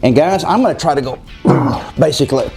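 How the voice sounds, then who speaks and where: A fitness trainer gives workout instructions straight to viewers, counting reps out loud and sounding winded between sets as he exercises. His fairly high, creaky voice has lively intonation and a normal pace, with music underneath.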